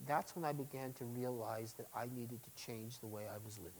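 Middle-aged male pastor mid-sermon, emphatic, punches key words, drops to quiet asides. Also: medium pitch, a little fast, slight background noise, rough recording. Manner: emphatic preaching, swings between loud stresses and quiet asides.

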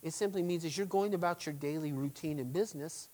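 A middle-aged man, a pastor, preaching a sermon, swinging between loud emphatic stresses and quiet asides. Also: on the high side, fast talker, poor audio.

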